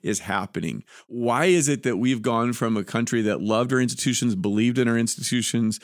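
A man's voice: medium pitch, fairly quick, dry recording. A man co-hosting a podcast, talking through ideas in a conversational way with dry, wry asides. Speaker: podcast co-host. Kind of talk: conversational discussion.

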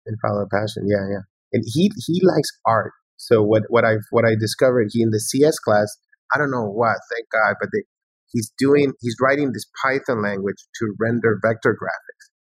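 A man's voice: on the low side, moderate pace, husky, no echo, poor audio. A middle-aged man hosting a casual interview, enthusiastic and prone to repeating his phrases. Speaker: podcast host.

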